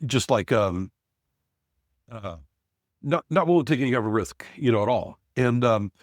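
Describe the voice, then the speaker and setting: A man's voice: medium pitch, expressive, moderate pace, no echo, clean studio sound. Rambling middle-aged man telling a story. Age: 40s. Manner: rambling, frequent restarts and fillers. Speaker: podcast guest, business owner. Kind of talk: casual storytelling.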